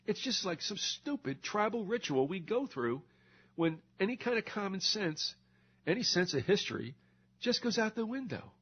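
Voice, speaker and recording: A man's voice: high voice, sing-song, normal speed, a bit bright, slightly rough. An older man hosting a talk show, ranting in a sarcastic, indignant monologue with mocking asides. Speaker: radio talk show host. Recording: dull lo-fi recording.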